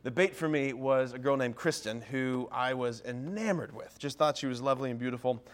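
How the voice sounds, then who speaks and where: Talking to parents in a parish hall or church, this thirty-something Ohio priest pokes fun at himself through humorous stories and keeps asking "right?". His voice is medium-pitched and a bit quick.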